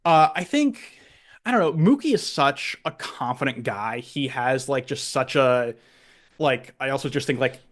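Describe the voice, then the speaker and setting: A man's voice: mid-range voice, expressive, normal speed. A man co-hosting a podcast, chatting casually about sports, talking hesitantly with many restarts and fillers while he thinks aloud. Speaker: podcast co-host.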